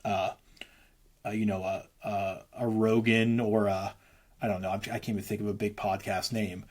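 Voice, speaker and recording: Male guest, 30s, low husky voice; earnest, rambling storyteller. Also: flat delivery, normal speed, darkish tone. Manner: rambling, earnest, many restarts and fillers. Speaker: interview guest, musician. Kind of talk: candid storytelling interview.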